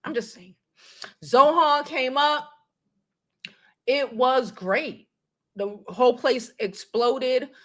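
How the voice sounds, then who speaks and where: A woman with a Brooklyn accent hosting a casual live-stream chat, talking in an animated, blunt way and swearing freely. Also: high voice, slow pace, long pauses. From New York City. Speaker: vlog host.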